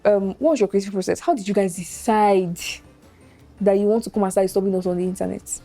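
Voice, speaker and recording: A woman's voice: medium pitch, fast, dark tone, soft background music. A woman hosting a podcast, teasing her guest in a playful, chatty way. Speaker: podcast host. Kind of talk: casual teasing interview chat.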